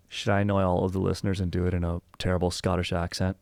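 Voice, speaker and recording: A young man co-hosting a podcast, chatting in an animated, joking, rambling way. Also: sits low, fast talker, vocal fry, hardly any pauses, dry recording, clean studio sound. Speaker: podcast co-host. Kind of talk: casual chat.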